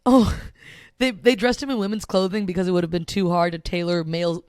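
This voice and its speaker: A woman co-hosting a comedy podcast, telling a story in casual banter, giggling and swearing in fast bursts. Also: on the low side, fairly even intonation, a little mellow, dry recording, studio quality. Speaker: podcast co-host.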